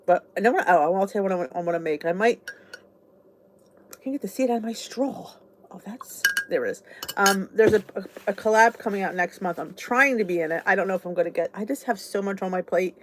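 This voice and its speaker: A woman's voice: medium pitch, fairly quick. A woman from southern New Jersey with a South Jersey accent, chatting casually and rambling on a live stream as host of her weight-loss channel. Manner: chatty, rambling, greets viewers.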